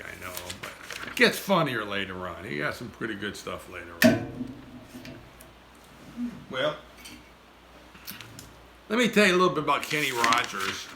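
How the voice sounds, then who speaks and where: A man's voice: mid-range voice, creaky, heavy background noise. A man hosting his own music show from his porch, chatting in a loose, rambling way. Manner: loose, rambling, lots of fillers. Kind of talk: casual chat. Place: home lanai porch.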